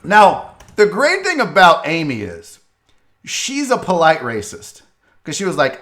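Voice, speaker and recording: A man hosts a talk show and gives a profane, comedic play-by-play of a video. His voice sits high and swings widely in pitch. It stays bright and punchy, and he breaks into laughter often. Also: measured pace. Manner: animated, profane, laughs a lot. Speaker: sports radio host.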